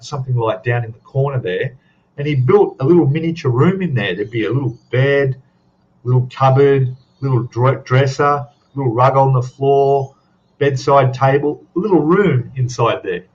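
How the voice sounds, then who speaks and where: Australian male stream host, mid-pitched, casual and rambling, dull lo-fi audio. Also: darkish tone. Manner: rambling, chatty, tags questions with "eh?". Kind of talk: casual chat to a live audience.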